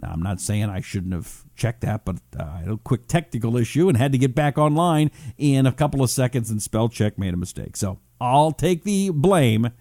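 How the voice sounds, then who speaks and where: Animated male talk host. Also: medium pitch, moderate pace, few pauses, no room sound, studio quality. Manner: animated, joking, mock-apologetic asides. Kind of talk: livestream chat reading viewer comments.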